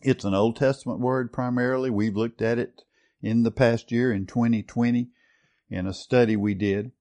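A man's voice: medium pitch, steady tone, moderate pace, mellow. A man preaching a sermon earnestly, building to strong stress on key words. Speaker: pastor.

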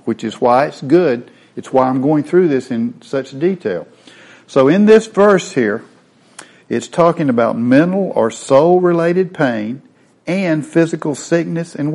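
A man's voice: mid-range voice, a little mellow. A man teaching a Bible lesson in a sermon style, explaining word meanings step by step.

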